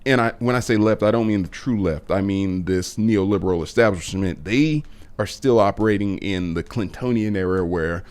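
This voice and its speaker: A man with a lowish voice talks through his political views as a podcast guest. He speaks in long, steady explaining runs. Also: moderate pace. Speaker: guest commentator. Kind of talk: casual political chat.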